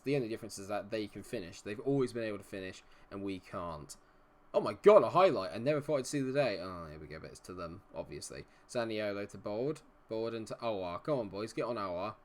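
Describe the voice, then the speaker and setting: Young dorset guy streaming a football game, chatty, self-deprecating, hums and mutters to himself. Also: medium pitch. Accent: Dorset English. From England, Dorset. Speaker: gaming streamer. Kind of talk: live game commentary.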